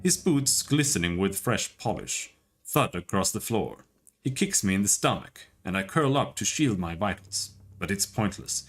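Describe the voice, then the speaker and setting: A man's voice: on the low side, expressive, slightly rough. A man reading as a haunted young wizard. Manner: quiet, measured recollection.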